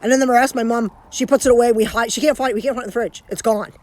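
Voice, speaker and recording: A woman's voice: fairly high pitch, fairly even intonation, racing, a little mellow. A Canadian woman chatting casually on a live stream from home, rambling and restarting her sentences as she talks into her phone.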